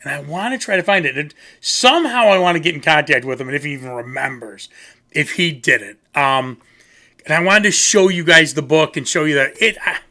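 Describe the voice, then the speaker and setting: A rambling, goofy man talks casually about music. His voice sits a little high and sounds bright and forward. He keeps making fun of himself as he goes. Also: a little fast. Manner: rambling, goofy, self-mocking. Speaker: music reviewer. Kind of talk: casual rambling video talk.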